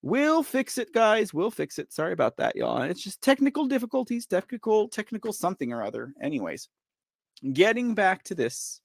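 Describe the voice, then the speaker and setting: Lively high-voiced male livestream host. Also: normal speed, gravelly, dry recording, studio quality. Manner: animated, laughing, teasing, talks straight to viewers. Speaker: host of a political news livestream. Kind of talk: casual livestream commentary talking to the chat.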